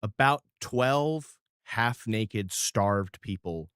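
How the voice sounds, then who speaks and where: A man running a tabletop game with relaxed narration. His voice sits low and comes across smooth and resonant. The sound is close and dry. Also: extremely slow, dry recording. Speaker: game master.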